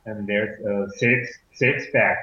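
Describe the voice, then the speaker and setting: A man's voice: lowish voice, fairly even intonation, takes it slowly, bright, forceful tone. A Taiwanese man whose first language is Mandarin, speaking English hesitantly with many fillers and restarts as a student in an online lesson. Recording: echoey, tinny call audio.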